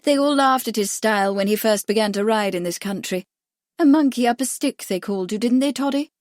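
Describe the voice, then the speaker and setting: A glamorous actress hostess talks in a bright, lifted, playful way, gracious and teasing, as a woman narrator voices her. The voice sits a little higher and livelier than the narration, and the sound is close and dry. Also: a little fast, no room sound, close to an everyday voice.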